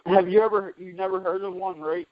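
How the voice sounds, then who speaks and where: A man's voice: sits high, steady tone, brisk, no room sound. Laid-back man in casual chat. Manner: laid-back, hesitant, many fillers. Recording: dry lo-fi recording.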